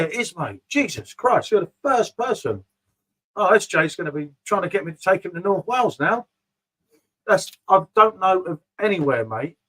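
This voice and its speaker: A man's voice: fairly high pitch, bright, forceful tone, rough recording. Rambling man chatting with viewers. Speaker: beer vlogger reading live chat. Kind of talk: casual live-stream chat.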